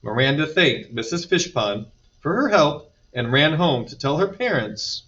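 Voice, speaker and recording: A man reading a children's picture book aloud with lively, expressive storytelling. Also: fairly high pitch, measured pace. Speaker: storybook reader. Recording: dull distant recording.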